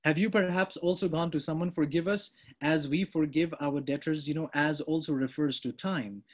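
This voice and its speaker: A man delivering a sermon in a slightly husky voice, lively and theatrical as he acts out the words of the people he describes. The recording is dull and lo-fi. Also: a little high, normal speed. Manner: animated, acts out quoted prayers and replies. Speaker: preacher. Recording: dull lo-fi sound.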